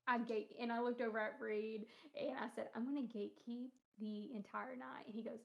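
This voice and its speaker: Young woman, podcast co-host, casual chat, gravelly, slightly high voice, animated storyteller, lo-fi sound. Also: moderate pace. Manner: animated storytelling, acts out quoted voices, laughs often. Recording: dull lo-fi podcast audio.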